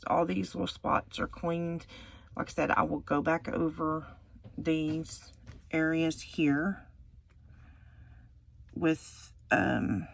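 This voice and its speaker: A middle-aged woman, chatting casually through a home craft tutorial as she rambles and thinks out loud. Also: sits low, vocal fry, no room sound. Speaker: resin art channel host. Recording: noisy home recording.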